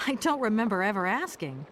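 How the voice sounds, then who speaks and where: An actress voicing an ambitious young lawyer woman in a video game, poised, brisk and sharp-tongued. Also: medium pitch, big pitch swings, a little hiss or hum. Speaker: game protagonist.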